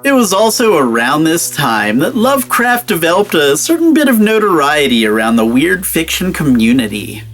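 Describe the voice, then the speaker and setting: A male host giving a scripted narration with an animated, expressive delivery. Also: a little high.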